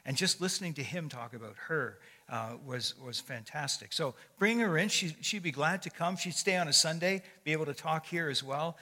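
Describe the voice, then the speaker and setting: An older man preaches in a conversational storytelling tone, with lots of small fillers and restarts. His voice is bright and forceful. It rings with the long echo of a large church hall. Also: on the high side, moderate pace, few pauses. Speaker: guest speaker. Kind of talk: sermon. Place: church sanctuary.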